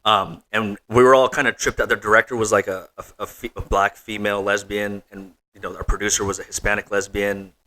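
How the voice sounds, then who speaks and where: A man's voice: on the low side, little pitch movement, fairly quick, few pauses, pushed and bright. A man in casual podcast chat, laid-back and slangy. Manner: laid-back, slangy, peppers talk with "bro" and "dude".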